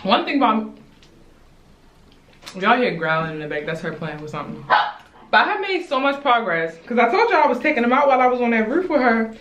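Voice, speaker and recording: A young woman from Baltimore telling a casual storytime at home while doing her hair, chatty and animated, talking straight to her viewers. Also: on the high side, brisk, lo-fi sound, a little hiss or hum. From Baltimore, USA. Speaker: vlogger. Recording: roomy echo.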